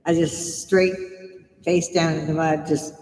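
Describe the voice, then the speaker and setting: A woman's voice: low voice, level tone, unhurried, darkish tone, slight background noise. An older woman in her seventies, chatting casually and laughing often as she tells stories on a live stream. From United States. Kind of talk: casual storytelling. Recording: echoey room with long reverb.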